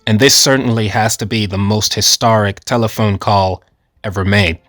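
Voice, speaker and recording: A man's voice: on the low side, steady tone, normal speed, a bit bright, no echo, faint music behind, lightly acted. A man playing a proud, formal president. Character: proud male president on a phone call.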